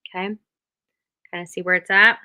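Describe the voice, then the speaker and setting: A woman's voice: on the low side, steady tone, moderate pace, bright, forceful tone, clean tone. A woman giving a step-by-step makeup tutorial, talking the viewer through each move and checking in with a frequent "okay?".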